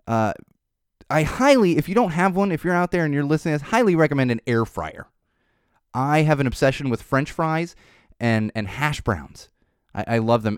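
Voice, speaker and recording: A man hosts his podcast alone in a casual, unscripted monologue, drifting into tangents as he goes. He sounds tired, but his pitch stays lively and swings up and down. The recording is dry, with no room sound. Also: clean tone, dry recording. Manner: rambling, speaks off the cuff with tangents. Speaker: podcast host.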